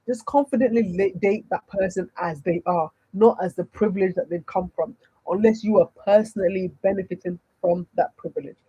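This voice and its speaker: Nigerian woman, dating coach, emphatic, rhetorical questions, warm voice, husky. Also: mid-range voice, a little fast, no room sound, dull audio. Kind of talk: livestream Q&A reading chat questions.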